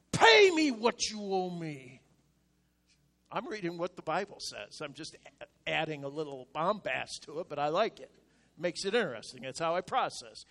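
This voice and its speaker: High-voiced male preacher, emphatic. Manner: emphatic, swings from loud declarations to soft, low asides. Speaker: pastor. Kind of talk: sermon.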